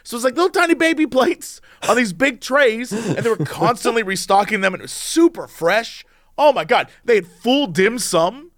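A man co-hosting a podcast in casual chat, telling rambling, animated stories. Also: very high-pitched, moderate pace, no echo, studio quality. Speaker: podcast co-host.

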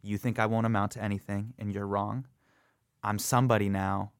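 Gravelly-voiced man telling stories animatedly. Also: on the low side, brisk, no room sound, studio quality. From United States. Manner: animated storyteller who acts out other people's lines. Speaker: comedian guest. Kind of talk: conversational interview. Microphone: studio microphone.

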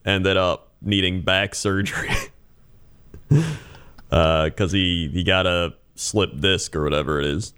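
Tired, laid-back man, smooth low voice. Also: steady tone, a little slow, a bit bright. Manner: laid-back, rambling, lots of fillers. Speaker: podcast co-host. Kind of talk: casual podcast banter.

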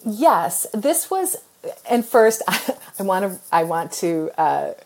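A middle-aged American woman, appearing as an author guest in an interview, tells a personal story with earnest feeling, expressiveness, and frequent laughter. Her voice is medium-pitched and slow, with a little hiss or hum in the recording.

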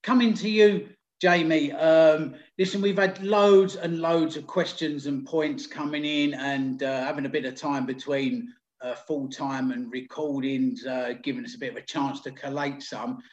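A man's voice: fairly high pitch, fairly even intonation, a little slow, highs cut off. Chatty man in an echoey room. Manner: chatty, loose, lots of fillers. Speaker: podcast host. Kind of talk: casual football podcast chat.

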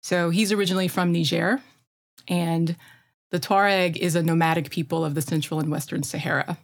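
Midwestern woman co-host, lower register, eager and talkative. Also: steady tone, a little fast. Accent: Midwestern American. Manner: enthusiastic, chatty, many fillers. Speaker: podcast co-host. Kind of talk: casual music chat.

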